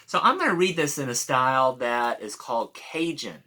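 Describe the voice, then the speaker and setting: A man's voice: mid-range voice, big pitch swings, normal speed. A man reading a picture book aloud to children, stopping to explain words for them. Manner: warm, explains words for kids.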